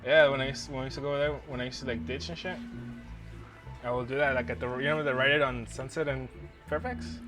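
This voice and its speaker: A man's voice: medium pitch, fairly even intonation, fast talker, music in the background. A young man hosting a podcast, telling a rambling, profanity-laced story in casual chat and laughing as he goes. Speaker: podcast host.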